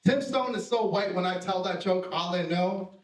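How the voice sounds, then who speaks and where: A high-voiced man does stand-up from a theater stage, brash and profane, mocking himself in his punchlines. His voice rings in a roomy hall. The mic sits at some distance, so he sounds a little far off. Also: normal speed. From Puerto Rican family. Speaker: stand-up comedian. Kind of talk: live stand-up set. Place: theater stage with live audience.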